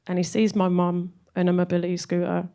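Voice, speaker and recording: A woman's voice: fairly low pitch, completely flat delivery, fairly quick, dark tone, smooth. A young woman from Cornwall, doing a stand-up set full of chatty, self-deprecating asides. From Cornwall, England. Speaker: stand-up comedian.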